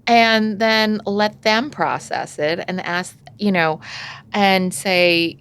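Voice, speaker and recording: A woman's voice: mid-range voice, slow pace, fairly bright tone, a little hiss or hum. A middle-aged woman giving casual parenting advice in conversation, sometimes acting out parent and child voices. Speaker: parenting podcast guest expert.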